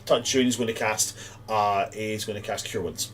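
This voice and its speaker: A man's voice: fairly low pitch, steady tone, moderate pace, fairly bright tone, a little hiss or hum. A man narrating and running a tabletop fantasy game as game master, rambling casually with lots of fillers.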